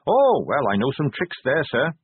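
A man's voice: medium pitch, wildly swooping pitch, moderate pace, breathy edge, dry recording, pitched above the performer's own voice, exaggerated voice. A man voicing an earnest, polite young male watch captain who keeps saying sir in an audiobook. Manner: respectful and eager, says sir. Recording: tinny narrow-band audio.

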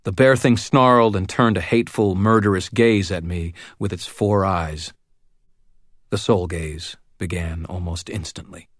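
A man with a very low voice narrates a first-person story in a measured, wry way. The sound is dry and close, with no room around it. His tone stays steady and even. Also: dry recording. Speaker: audiobook narrator.

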